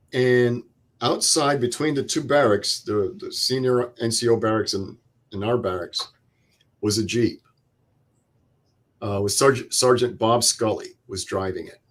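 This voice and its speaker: An older man, a veteran guest in an interview, retelling a night in combat in plain, vivid words with quoted dialogue and pauses. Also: medium pitch. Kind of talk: interview storytelling.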